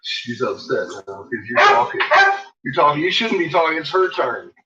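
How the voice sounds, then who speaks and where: Casting: lively-voiced man, profane and teasing, home video, muffled with loud noise behind. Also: on the high side, moderate pace. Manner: profane, teasing, talks to his dogs. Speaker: dog owner. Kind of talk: casual chat.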